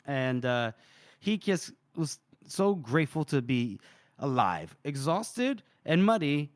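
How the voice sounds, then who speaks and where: A man's voice: fairly high pitch, big pitch swings, slow pace, no echo, studio quality. A man co-hosting a podcast, animatedly retelling a story, acting out the characters' lines and laughing often. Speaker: podcast co-host. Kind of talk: casual book discussion.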